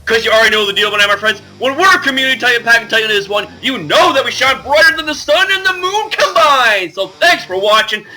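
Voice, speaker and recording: A young man hosting a casual video review, excitable and gushing, swearing freely as he talks. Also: very high voice, a little fast, few pauses. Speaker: YouTuber reviewing wrestling.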